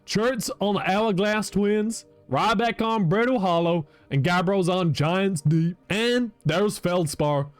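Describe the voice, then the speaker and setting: A man voicing a male alien museum curator in a video game, speaking in a slow hillbilly drawl that turns whispery. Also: sits high, no echo. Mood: folksy.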